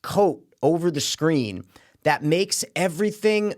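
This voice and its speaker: A man co-hosting a podcast, giving a blunt, profane, animated rant in casual review chat. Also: a little high, takes it slowly. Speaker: podcast co-host.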